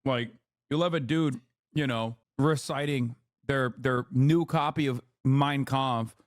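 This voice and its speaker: A man's voice: mid-range voice, steady tone, slow pace, no echo, studio quality. A man streaming commentary, ranting in a mocking, exasperated way. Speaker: streamer reacting to clips. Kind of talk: casual commentary.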